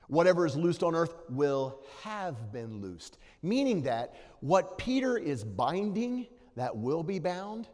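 Animated man preaching in a reverberant church. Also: mid-range voice. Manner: animated, swings from hushed storytelling to loud exhortation. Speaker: guest preacher. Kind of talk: sermon. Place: church sanctuary. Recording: long hall reverb.

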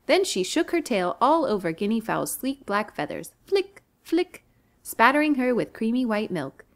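A woman reads a children's storybook aloud as a librarian. Her pitch swings widely and the delivery is animated. She sounds expressive and clear. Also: moderate pace.

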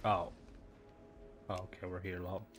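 A man's voice: sits low, level tone, unhurried, over music. Chatty Irish man streaming a game. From Ireland. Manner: rambling, chatty, talks to viewers. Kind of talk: casual stream chat while gaming.

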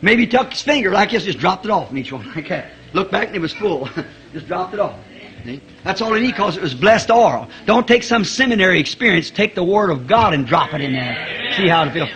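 A man preaching a fervent sermon, chuckling often and rising to shouts at high points. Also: animated, a little fast, crowd noise.

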